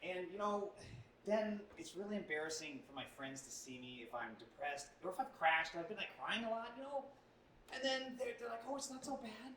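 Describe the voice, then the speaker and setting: Lively and fairly quick, with a high-sitting, fairly bright voice, a young comedian performs self-deprecating stand-up on a club stage with a handheld mic. He punches his lines and slips into put-on voices; the recording is distant and echoey, with slight background noise.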